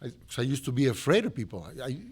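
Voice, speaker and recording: A man's voice: medium pitch, big pitch swings, rapid-fire, slightly rough. A man from Mexico with a Mexican accent, a restaurant owner telling a story as a guest in a podcast interview, acting out the dialogue as he goes.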